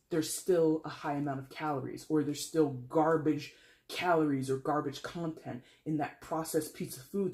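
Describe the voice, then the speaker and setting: Someone walks through a casual tarot reading, blunt and emphatic, often laughing and swearing offhandedly. Their delivery is animated, with the voice leaping high whenever they want to stress a point.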